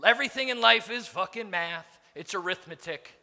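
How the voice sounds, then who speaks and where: A man's voice: sits high, normal speed, vocal fry, bright, forceful tone. A man in his thirties giving a blunt, profane motivational keynote on stage, acting out quoted conversations as he goes. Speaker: business speaker on stage. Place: large conference hall. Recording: reverberant hall, stage mic.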